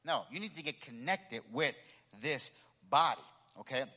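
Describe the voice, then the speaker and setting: A man's voice: mid-range voice, animated, moderate pace, sharp tone, long reverb tail. A man preaching a sermon to a congregation, emphatic and repetitive, calling for responses from the crowd. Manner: emphatic, repeats key phrases, calls for congregation responses. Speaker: pastor. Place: church sanctuary.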